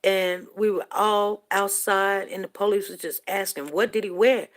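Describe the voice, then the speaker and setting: An older woman, telling a personal story in a rambling, emotional way that rises to near shouting at tense moments. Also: medium pitch, fairly even intonation, moderate pace, hardly any pauses.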